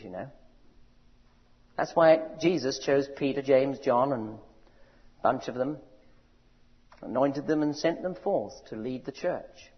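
A man preaching a sermon, building to loud rousing cries and asking his audience questions. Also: mid-range voice. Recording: dull recording in a large reverberant hall.

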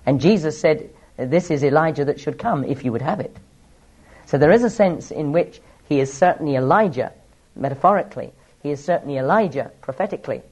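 A man's voice: a little high, animated, a little fast, a little mellow, breathy edge. A man teaching through a Bible passage, explaining each verse with asides and small laughs.

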